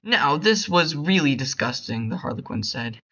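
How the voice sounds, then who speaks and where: A young man reading a short story aloud in a bored, hurried way, stumbling over words. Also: fairly high pitch, sing-song, sharp tone, lo-fi sound. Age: young adult. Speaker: reader.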